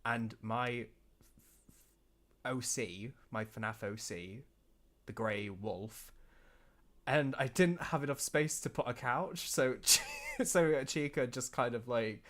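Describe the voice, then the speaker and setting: A man's voice: mid-range voice, takes it slowly, pauses often, fairly bright tone. An English man with a mixed northern and southern accent, laughing and swearing as he reacts to his old work on a stream. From England. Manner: laughing, self-mocking, sweary. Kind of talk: casual reaction commentary.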